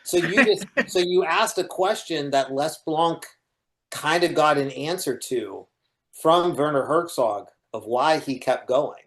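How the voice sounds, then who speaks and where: Measured man asking thoughtful questions. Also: a little high, a bit bright. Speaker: podcast co-host. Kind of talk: casual film discussion.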